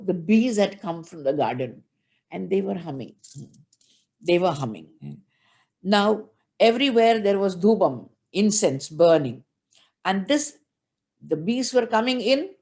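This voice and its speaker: A woman with an Indian accent, a spiritual teacher giving a devotional discourse, telling stories expressively and speaking straight to her listeners. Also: medium pitch. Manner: expressive storytelling, addresses listeners directly.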